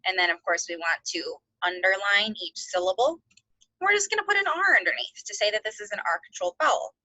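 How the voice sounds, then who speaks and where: A woman teaching an online phonics lesson to second graders, sounding out letters slowly and encouraging the class. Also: medium pitch, expressive, sharp tone, dry recording, poor audio.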